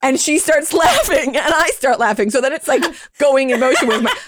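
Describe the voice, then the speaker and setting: A woman's voice: sits high, animated, fairly quick. A woman telling a long funny story in a casual chat, laughing often as she talks. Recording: noisy background.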